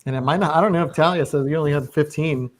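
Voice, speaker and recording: A woman's voice: low-pitched, rapid-fire, a little hiss or hum, poor audio. A woman hosting a live book discussion in casual, playful chat. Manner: chatty, playful, leads the talk. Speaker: book club host.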